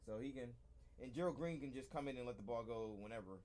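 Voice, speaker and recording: A man's voice: mid-range voice, fast talker, a little mellow. A man co-hosting a live sports podcast, casually and insistently arguing his points. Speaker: podcast co-host.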